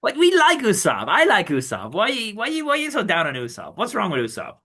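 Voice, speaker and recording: Man, podcast co-host, playful banter, bright voice, animated pitch. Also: brisk, breathy edge. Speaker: podcast co-host reading a comic aloud. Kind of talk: casual chat.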